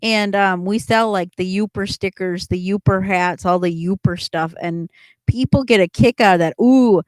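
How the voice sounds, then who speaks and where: A woman's voice: mid-range voice, moderate pace, dry recording. A middle-aged woman hosting a casual livestream chat, rambling as she answers viewers and laughing often. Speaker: livestream host chatting with viewers.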